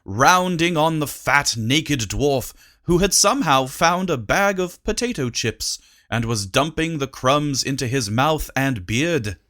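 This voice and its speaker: An audiobook narrator reading a comic storybook in a measured, unhurried way. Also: medium pitch, animated, a bit bright.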